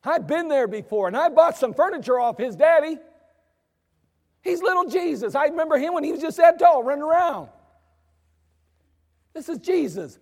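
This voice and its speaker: A scoffing small-town man, gossipy and full of disbelief, as a preacher puts him on. His voice rides high and thin, and it rings out in a long sanctuary reverb. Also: expressive, moderate pace, long pauses, a little mellow. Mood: incredulous. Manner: incredulous, mocking.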